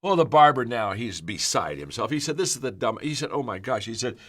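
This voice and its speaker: An older man giving a motivational leadership talk, energetic and emphatic, telling stories and often repeating words as he gets going. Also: mid-range voice, a little fast, hardly any pauses. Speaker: leadership speaker.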